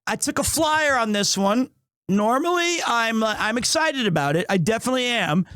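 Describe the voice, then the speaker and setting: A man streaming live, chatting casually with his viewers and telling animated stories peppered with Japanese phrases. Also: extremely high pitch, normal speed, clean tone, no room sound, studio quality.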